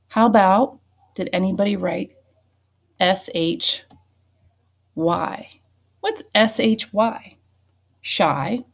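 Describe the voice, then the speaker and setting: A woman leads a phonics lesson at an unhurried pace. She pauses to check in with her students often, and her voice has a gravelly fry. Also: lowish voice. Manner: patient, checking in with frequent "okay?" and "right?". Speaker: teacher.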